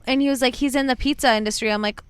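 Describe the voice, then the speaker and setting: Young woman, high voice, chatty storyteller, dry close sound. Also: fairly even intonation, rapid-fire, smooth, dry recording. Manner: storytelling, acting out quoted lines, frequent "like". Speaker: podcast co-host. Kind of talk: casual chat.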